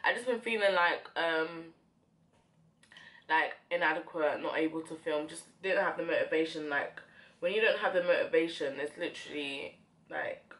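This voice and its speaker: A woman's voice: deep voice, normal speed. A young woman chatting to camera while doing her makeup, tearful and hesitant, with many fillers, recorded at home. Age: young adult. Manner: soft, hesitant, full of fillers. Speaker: beauty vlogger.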